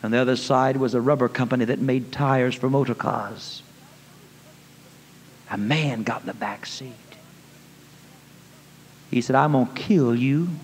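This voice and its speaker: A man preaching a sermon, telling a story in a folksy manner, calling listeners honey and rising to shouted praise. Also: medium pitch. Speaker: evangelist. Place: church. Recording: long reverb of a church hall.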